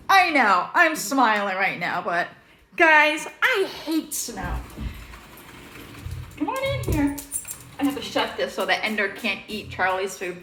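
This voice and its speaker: A woman vlogging casually at home with a handheld camera, chatty and quick to laugh. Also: on the high side, very animated, bright, forceful tone, a little hiss or hum. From Southern United States. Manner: chatty, laughs often, coos at pets. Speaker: vlogger, mom. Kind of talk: casual vlog chat. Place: home and snowy backyard.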